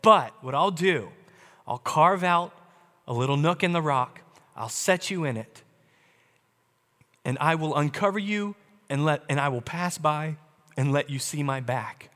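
A male preacher voicing God as a solemn, majestic figure speaking to a prophet, in a slow, grave way. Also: on the high side, a bit bright, in a large hall, pitched below the performer's own voice.

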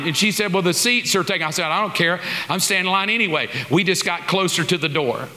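Bright-voiced preacher in a hall. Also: male voice, high voice, fairly quick. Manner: animated, acts out dialogue and prayers. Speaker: pastor. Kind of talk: sermon storytelling. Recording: long hall reverb.

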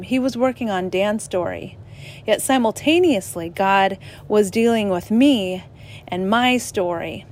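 A middle-aged woman giving an earnest personal testimony at church, halting now and then as she restarts. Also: mid-range voice, darkish tone, slight background noise.

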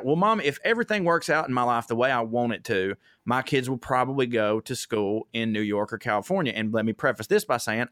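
A young man with a Southern drawl talks loosely in a casual podcast chat. He tells animated stories and swears freely, slipping into voices to act out what people said. His voice sits at a middle pitch, and the recording is close and dry. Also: dry recording. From American South. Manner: animated storyteller, swears freely, acts out quotes. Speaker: comedian guest.

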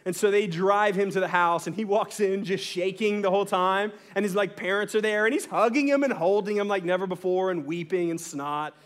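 A man with a high voice preaching a sermon as a pastor. He tells a story with lively energy, keeps checking in with "right?", and breaks into laughter along the way. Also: a little fast, few pauses. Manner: animated storyteller, asks "right?" often, laughs mid-story.

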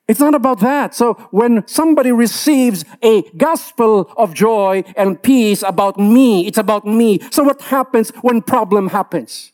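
Earnest preacher, high voice. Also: male voice, a little slow, few pauses, a little mellow. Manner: earnest, switches into Tagalog, acts out believers' complaints. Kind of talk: sermon.

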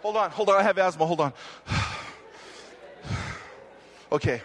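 A man from Hawaii speaking at a youth conference, preaching energetically, often shouting and joking. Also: high-pitched, normal speed. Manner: animated, shouting, joking, restless. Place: large hall with audience. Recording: long hall reverb.

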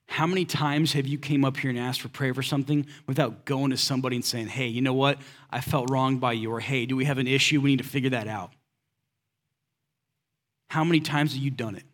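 A man preaching to a congregation in a relaxed, conversational manner. His voice sits at an ordinary middle pitch, and he talks directly and plainly, tossing in rhetorical questions and casual slang. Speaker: pastor. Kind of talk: sermon.

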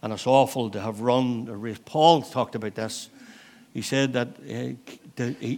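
A man in his sixties, a pastor preaching an earnest, encouraging sermon in a church, pausing to let points land. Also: mid-range voice, creaky, a little mellow. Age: 60s. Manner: earnest, exhortative, with thoughtful pauses.

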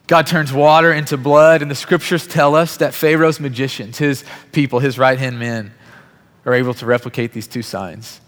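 A man's voice: medium pitch, a bit bright. A man in his thirties, a pastor giving a sermon in an earnest, conversational storytelling way. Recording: long hall reverb.

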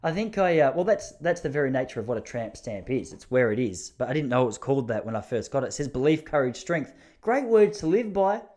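A man with an Australian accent rambles through comic stories in a chatty, self-mocking monologue. His mid-range voice is sing-song and a little mellow, and he talks briskly with few pauses.

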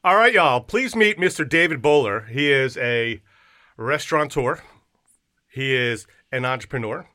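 Male podcast co-host, hyped and slangy, bright edge to the voice. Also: mid-range voice, a little slow. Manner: animated, hype-filled banter with slang. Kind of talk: casual podcast chat.

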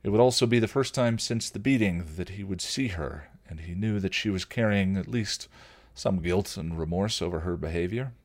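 A man who hosts a podcast, reading his novel aloud in an expressive, lively manner. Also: low-pitched, moderate pace.

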